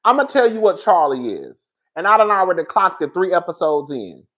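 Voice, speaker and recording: A reality TV commentator speaks casually and candidly to his viewers in a high, slightly bright voice. His talk is profane and rambling, full of restarts and asides.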